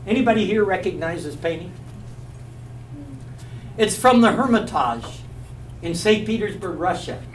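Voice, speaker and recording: A man teaching a Bible class, telling a story with animation and quizzing his listeners. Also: sits high. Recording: echoey, from a distance, faint hum.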